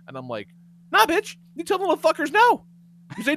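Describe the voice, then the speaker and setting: A middle-aged man tells stories on a podcast with loose, profane energy. His voice is bright and lively, climbing into high bursts when he acts out what people said. A faint hum sits under the recording. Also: fairly quick. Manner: profane, animated storyteller. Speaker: podcast host. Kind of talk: casual podcast chat.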